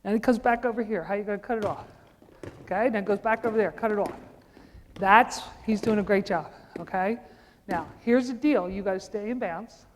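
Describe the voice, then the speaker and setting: A woman basketball coach running a clinic, giving brisk commands and repeating urgent calls as players run drills. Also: medium pitch, a little hiss or hum. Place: large indoor gym. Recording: long echoing gym reverb.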